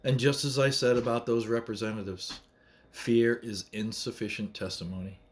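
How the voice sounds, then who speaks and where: A man's voice: mid-range voice, fairly even intonation, moderate pace, a little hiss or hum. A man giving an earnest, emphatic political monologue to camera, repeating phrases to drive his points home. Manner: earnest, emphatic, repetitive rallying speech. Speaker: vlogger.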